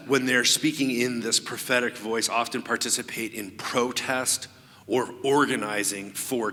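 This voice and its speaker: Guy preaching a sermon, measured and explaining things, mid pitch, reverby sanctuary. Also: sharp tone. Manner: measured, explanatory, with frequent pauses. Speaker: pastor. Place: church sanctuary.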